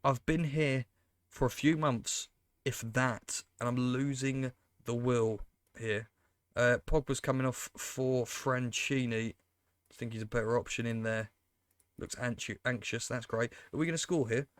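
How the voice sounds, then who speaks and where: A man's voice: mid-range voice, steady tone, unhurried, no echo, studio quality. A man giving casual, exasperated, sarcastic commentary on his football management game and talking to his viewers. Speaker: gaming commentator. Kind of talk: casual let's-play commentary.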